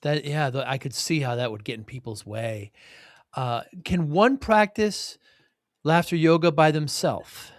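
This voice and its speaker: A man hosting a podcast, asking calm questions and murmuring brief acknowledgements while his guest speaks. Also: a little high, a little slow, no echo, clean studio sound. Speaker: podcast host. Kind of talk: interview questions.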